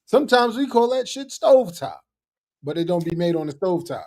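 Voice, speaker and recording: A man's voice: high voice, very animated, brisk, noisy background. A man co-hosting a podcast in casual chat, emphatic and fond of repeating phrases. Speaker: podcast co-host.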